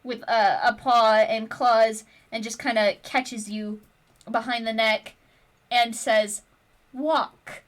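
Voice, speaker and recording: A woman's voice: on the high side, flat delivery, slow pace. A woman narrating as game master of a tabletop game, casual and swearing freely.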